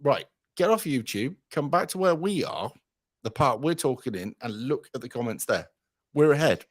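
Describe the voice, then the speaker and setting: A man's voice: medium pitch, animated, moderate pace. A man hosting a casual livestream chat, rambling and swearing as he talks. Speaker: livestream host.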